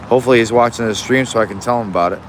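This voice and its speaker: A young man in Alaska races along in a mid-range voice, chatting on a fishing livestream with slight background noise. Shot on a phone out in the rain, his talk is loose and meandering, full of restarts.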